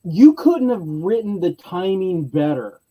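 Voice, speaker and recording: A man telling a convention story in casual chat, lively, acting out other people's lines in varied voices. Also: sits high, a little slow, breathy edge, rough recording.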